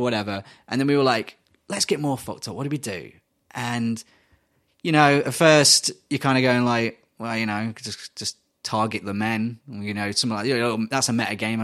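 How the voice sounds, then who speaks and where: Brief: male podcast co-host, mid-pitched, rambling and giggly, swears freely. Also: fairly bright tone. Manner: rambling storytelling, frequent laughter, swearing. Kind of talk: casual podcast chat.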